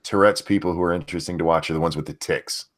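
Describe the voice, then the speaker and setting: A man in a casual podcast chat, joking and firing quick questions. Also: low voice, steady tone.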